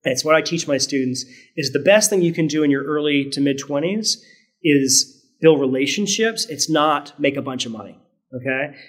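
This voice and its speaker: This is a conversational podcast interview in which a middle-aged man from Virginia, whose mostly standard American accent carries a faint Southern trace, appears as a guest. His pitch is fairly high and his speed normal. Reflective and sincere, he frequently begins sentences anew and ends thoughts with "right?".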